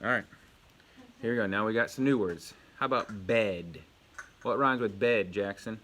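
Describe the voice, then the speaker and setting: A man with a bright, forward voice leads a home video lesson for young children. He is patient and encouraging, quizzing the kids and praising each answer. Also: on the low side, moderate pace, slight background noise. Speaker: elementary school teacher.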